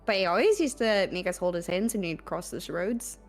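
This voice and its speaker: A woman's voice: lowish voice, lively intonation, brisk. A woman playing in a tabletop game, speaking hesitantly and repeating words as she stammers. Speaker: player. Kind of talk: tabletop role-play chat. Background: faint music.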